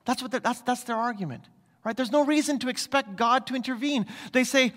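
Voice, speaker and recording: A man's voice: very high-pitched, a little fast, fairly bright tone, big-room sound. A man preaching a sermon as pastor, emphatic, asking his congregation rhetorical questions again and again. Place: church.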